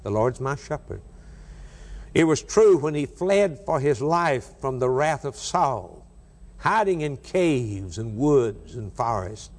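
Older preacher in a reverberant hall. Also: male voice, medium pitch, expressive, slow. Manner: dramatic swings between soft and raised delivery. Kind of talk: sermon.

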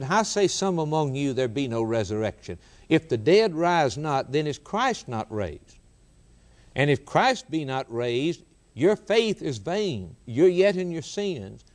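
A man preaching a sermon, rising in pitch to quote scripture and repeating key words for emphasis. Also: darkish tone.

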